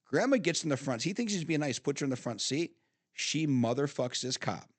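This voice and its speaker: Middle-aged man, podcast guest, salty animated storyteller, dry close studio sound. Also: on the high side, brisk, slightly rough, dry recording. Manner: animated storyteller, swearing, frequent laughs and restarts. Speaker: podcast guest, father of the host. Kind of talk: casual storytelling chat.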